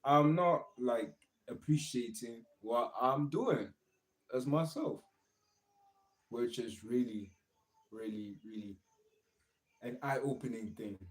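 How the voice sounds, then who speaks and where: Brief: young male streamer, encouraging and repetitive, mid-pitched, casual motivational talk. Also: slow, pauses often, rough recording. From South Africa. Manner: earnest, encouraging, repetitive phrasing. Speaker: livestream host.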